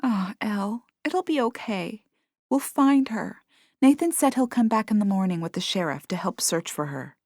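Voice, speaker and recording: Lady narrator doing a comforting friend, calm and kind, dry close sound. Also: medium pitch, normal speed, no room sound, voice pushed up. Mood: reassuring. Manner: reassuring. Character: caring supportive woman friend.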